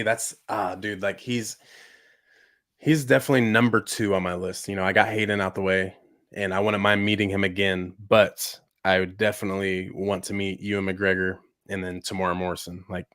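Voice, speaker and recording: Young male podcast host, low-pitched, dry close sound, excitable casual rambler. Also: moderate pace, no echo. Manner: excitable, heavy use of "like" and "bro". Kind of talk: casual chat.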